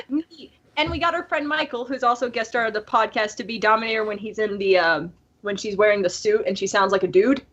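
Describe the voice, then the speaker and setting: A young woman hosting a casual podcast, telling stories quickly and giggling often. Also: fairly high pitch, fairly bright tone. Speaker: podcast host. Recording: slightly dull lo-fi sound.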